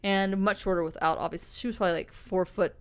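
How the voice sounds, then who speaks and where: A woman's voice: lowish voice, fairly even intonation, quick pace, smooth. A young woman co-hosting a podcast, telling a story in a loose, rambling way, with lots of fillers and casual swearing. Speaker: podcast co-host.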